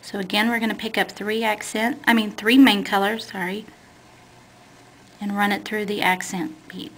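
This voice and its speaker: Teaching a beading technique one step at a time, a woman speaks plainly and patiently, correcting herself while her hands work. Her delivery is flat and a bit bright at medium pitch and moderate pace, on a rough recording.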